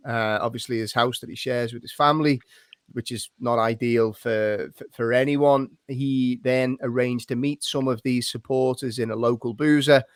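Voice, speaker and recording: A man, hosting a casual football podcast chat with a joking, easygoing manner. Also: mid-range voice. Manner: chatty, jokey, leads the talk. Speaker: podcast host.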